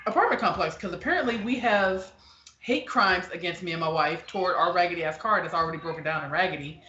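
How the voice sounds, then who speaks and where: A woman hosting a podcast in casual, opinionated chat, blunt and animated, often acting out the people she quotes. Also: fairly low pitch, fast talker, slight background noise. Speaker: podcast host. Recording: echoey, dull lo-fi room.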